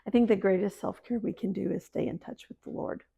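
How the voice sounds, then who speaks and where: This homesteading vlogger, a middle-aged woman from the American Deep South, talks a little fast with vocal fry in a mellow, slightly rough voice. She chats to camera about her homestead and faith and pokes fun at herself.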